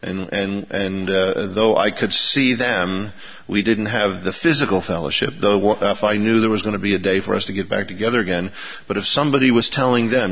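A low-pitched man preaching in a plain, folksy manner, often asking his listeners rhetorical questions. His voice rings out in a long-reverb hall, and the recording sounds dull and lo-fi. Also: moderate pace, vocal fry. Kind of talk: sermon.

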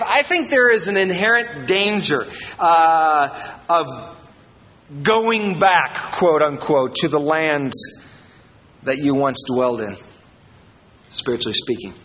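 A man from Iowa preaches a sermon with lively, jokey asides, his delivery swinging between loud bursts and quiet stretches. His voice sits fairly high for a man. It rings out with a long hall reverb. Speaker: pastor.

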